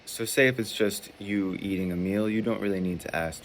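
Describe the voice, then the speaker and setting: Man, very low voice, calm instructional tone, slow and deliberate, repeats phrases, faint background hiss. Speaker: spiritual mentor teaching muscle testing.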